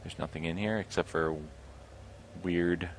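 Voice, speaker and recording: A man's voice: low voice, steady tone, a little slow, vocal fry, slight background noise. A man playing a computer game, commenting casually with self-mocking jokes. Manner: joking asides, self-mocking. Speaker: let's play gamer.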